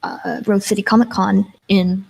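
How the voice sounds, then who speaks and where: Young woman, gravelly edge, rambling casual storyteller on a gaming stream. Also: medium pitch, fairly even intonation, moderate pace, a little mellow, poor audio. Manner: chatty storyteller, many fillers. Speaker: guest streamer and artist. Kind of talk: casual chat while gaming.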